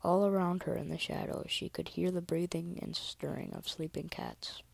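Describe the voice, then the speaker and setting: A woman reading a story aloud in a soft whisper, with small slips and restarts. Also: fairly low pitch, steady tone, moderate pace, vocal fry, dry recording, low-quality recording.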